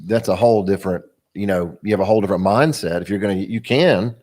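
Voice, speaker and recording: Low-voiced man talking fishing gear. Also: fast, darkish tone. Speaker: guest angler. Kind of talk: casual chat.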